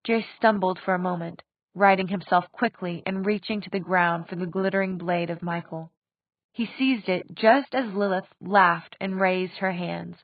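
Low-voiced woman narrating an audiobook. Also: fairly even intonation, moderate pace, no echo. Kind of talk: scripted narration. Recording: dry tinny phone-like sound.

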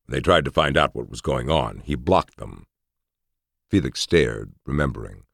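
A man reading a story aloud with a very deep, gravelly voice that still rises and falls a lot. His delivery is expressive. The sound is dry and close to the mic. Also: moderate pace, no room sound. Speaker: narrator. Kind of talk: audiobook narration.

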